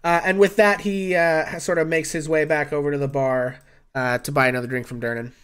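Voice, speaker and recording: A game master narrating a tabletop game, halting and full of fillers. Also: medium pitch, fairly even intonation, a bit bright, clear, resonant tone.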